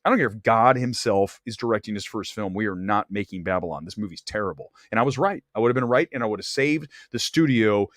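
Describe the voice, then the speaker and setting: A man hosting a movie talk show, delivering blunt, opinionated box office commentary and climbing high in pitch when he gets worked up. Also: lively intonation, fast talker, few pauses, fairly bright tone, no echo, studio quality. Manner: blunt, opinionated, straight-talking. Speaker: host.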